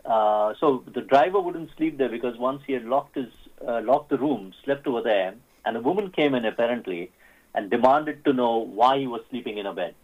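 A man, a radio guest who tells stories haltingly, with many fillers and restarts. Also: medium pitch. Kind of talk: radio interview storytelling. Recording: phone-like narrow sound.

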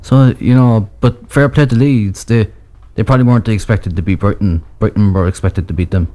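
A man with a low, mellow voice chats casually about football. He talks hesitantly, restarting his sentences often as he works out his point. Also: fairly quick.

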